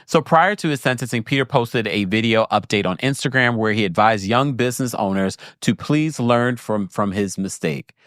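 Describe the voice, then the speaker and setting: A man's voice: on the low side, normal speed, hardly any pauses, fairly bright tone, no echo, studio quality. A man hosting a casual reality TV recap livestream, giving sassy commentary and reading chat comments. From Jamaica. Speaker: host.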